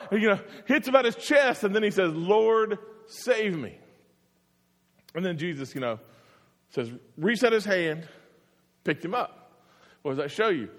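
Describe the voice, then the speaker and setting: A man preaching a sermon, telling the story in an animated way and acting out the voices. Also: high-pitched, normal speed. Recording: long hall reverb.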